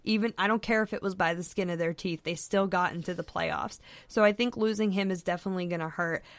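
A woman's voice: on the low side, steady tone, quick pace, dry recording. Chatty woman, dry close sound. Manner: chatty, many fillers and restarts. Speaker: podcast guest, soccer writer. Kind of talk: casual podcast chat.

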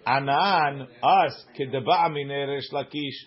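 A man's voice: mid-range voice, a little slow, husky, lo-fi sound. A man teaching a Talmud class, reading the Aramaic in a sing-song study chant and explaining it in English.

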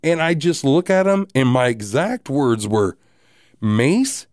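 A man hosting a podcast, telling a story in a casual, animated, profane and wry way. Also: mid-range voice, normal speed, dry recording, studio quality. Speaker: podcast host.

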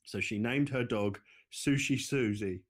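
A man's voice: mid-range voice, unhurried. A man with a British accent co-hosting a podcast in casual chat, dry and joking. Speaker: podcast co-host.

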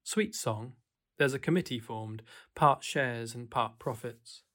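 A man's voice: mid-range voice, takes it slowly, a bit bright. A man doing a mild, thoughtful middle-aged man. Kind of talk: audiobook character voice.

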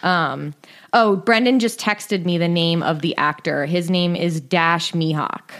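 Chatty young woman with a lowish voice. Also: measured pace, a bit bright. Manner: chatty, gushing, many "like" fillers. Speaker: podcast co-host. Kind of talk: casual chat.

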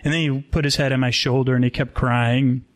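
A man's voice: medium pitch, little pitch movement, brisk. Brief: male live storyteller, mid-range voice, loose and rambling with restarts. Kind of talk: improvised comic storytelling at a live show.

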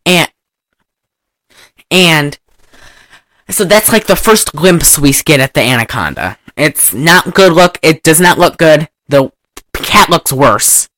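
A podcast host recaps a film in a rambling, animated chat, using mock voices and laughing loudly. Her low voice moves slowly with frequent pauses, and the recording is dry.

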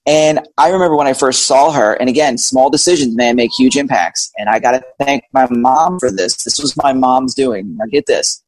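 A man in his forties, a guest telling a candid, animated personal story about meeting his wife. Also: medium pitch, moderate pace, hardly any pauses, no echo.

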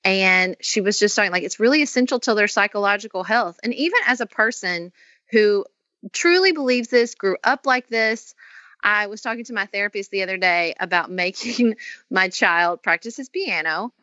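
A woman hosting a podcast in casual conversation, expressive and animated as she acts out her own reactions. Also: mid-range voice, moderate pace, no echo. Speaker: podcast host. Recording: dry, dull lo-fi sound.

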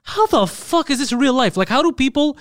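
A man from Montreal who hosts a podcast, telling stories in fast, profane, exasperated casual chat with a fellow comedian. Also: extremely high pitch, animated, fairly bright tone, no echo, clean studio sound. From Montreal, Canada. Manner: rapid, profane, exasperated storytelling.

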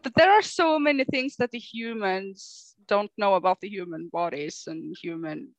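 A woman co-hosting a podcast in casual chat, explaining things at length in a relaxed way on a poor microphone. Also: medium pitch, normal speed, no echo. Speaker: podcast co-host. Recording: poor microphone, dry sound.

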